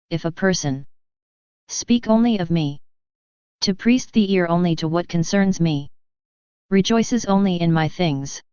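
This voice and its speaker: A woman reads devotional text in a measured, even recitation. Her voice sits a little low and is very smooth and resonant. The recording is dry and slightly dull, with a lo-fi edge. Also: no room sound. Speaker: reader. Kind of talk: devotional reading.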